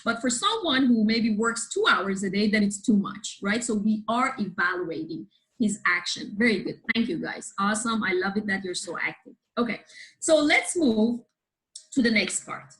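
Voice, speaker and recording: A woman who is a guest on a show, explaining a book's ideas to a live group in a lively way and often asking her listeners questions. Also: a little high, moderate pace, poor audio. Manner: lively, checks in with listeners, asks the audience questions.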